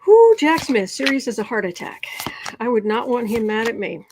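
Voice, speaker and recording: A woman's voice: a little high, a little fast, background noise. An American woman hosting a casual tarot livestream, reading viewer comments aloud and sometimes dropping to a whisper. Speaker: tarot reader and livestream host.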